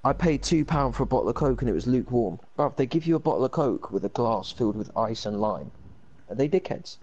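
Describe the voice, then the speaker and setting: A young man, ranting in animated slang during a casual chat while gaming. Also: medium pitch, brisk, highs cut off.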